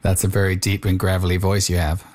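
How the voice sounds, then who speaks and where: Male podcast host, very low voice, dry close sound, wry narration. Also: completely flat delivery, quick pace, darkish tone, no echo. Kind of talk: scripted narration and chat.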